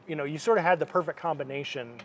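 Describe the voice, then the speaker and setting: A man in a casual music chat, talking in a measured, thoughtful way. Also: fairly high pitch, heavy background noise. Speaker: podcast co-host.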